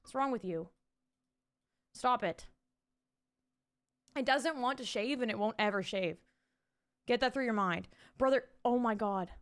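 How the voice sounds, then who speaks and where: A woman's voice: a little high, unhurried, pauses often, fairly bright tone. A young woman streaming from home, chatting casually with her viewers, reading chat aloud and swearing freely into a desk mic with a pop filter.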